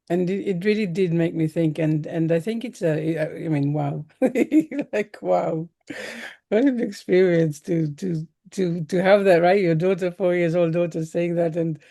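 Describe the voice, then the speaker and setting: A woman hosting a podcast interview who asks halting questions with many restarts. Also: lowish voice, dark tone. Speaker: podcast host. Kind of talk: casual interview.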